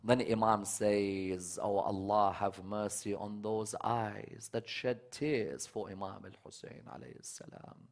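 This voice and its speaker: Male preacher, sermon delivery, quiet narration building to fervent loud outbursts. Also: lowish voice, steady tone, a little slow, vocal fry, few pauses. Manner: impassioned, rising to loud emotional cries in prayers. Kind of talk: religious sermon.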